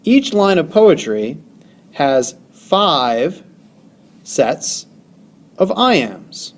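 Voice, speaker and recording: A man's voice: a little high, very animated, drawn-out words. A male teacher lecturing over slides, stressing syllables and counting them aloud.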